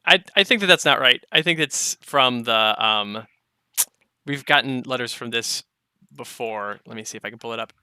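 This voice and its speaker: A man hosting a podcast, chatting casually and reading out listener letters, often trailing off quietly at the ends of phrases. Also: medium pitch, moderate pace, smooth, no echo, studio quality. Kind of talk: casual chat.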